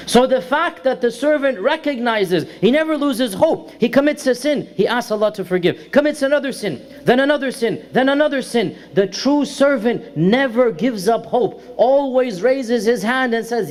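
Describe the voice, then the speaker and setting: A man's voice: high voice, moderate pace. A man lecturing to a congregation, explaining step by step and repeating key terms for emphasis. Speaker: religious lecturer. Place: Islamic centre lecture hall.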